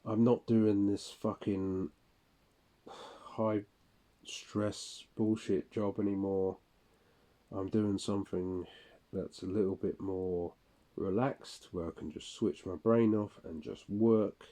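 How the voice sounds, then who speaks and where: A man's voice: fairly low pitch, level tone, slow pace, warm tone. A man speaking a casual monologue for his audio log, rambling, profane and weary.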